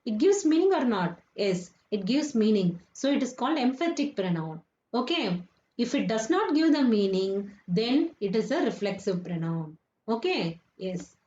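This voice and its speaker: A woman's voice: a little high, sing-song, normal speed, darkish tone. A woman teaching children a grammar lesson, often repeating points and asking if they understood. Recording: echoey room, dull lo-fi sound.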